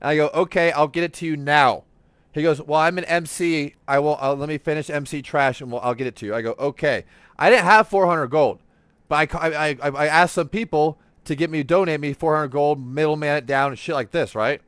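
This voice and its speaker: A man hosting a gaming podcast, telling stories in casual, profane, animated chat while he plays. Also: fairly high pitch, brisk, smooth, dry recording. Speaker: streamer and podcast host.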